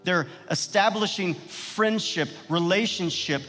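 A man's voice: takes it slowly, sharp tone, long reverb tail, soft background music. A man preaching a sermon with passion, asking the listeners questions and letting his voice swell at key points. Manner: passionate, rhetorical questions, swells in pitch and volume. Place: church sanctuary.

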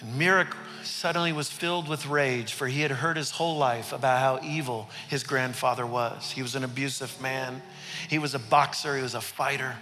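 A man's voice: mid-range voice, steady tone, moderate pace, pushed and bright. A male pastor telling a story in a sermon, building dramatic intensity. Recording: reverberant hall with faint music.

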